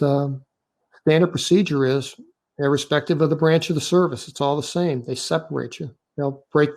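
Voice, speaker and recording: An older man in his sixties giving a storytelling lecture about his own experience, conversational and halting with many fillers. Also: medium pitch, vocal fry, darkish tone.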